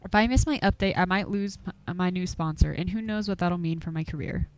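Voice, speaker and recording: A woman's voice: lowish voice, brisk, darkish tone, lightly acted. A woman voicing an eager young woman who makes paranormal videos, earnest and coaxing.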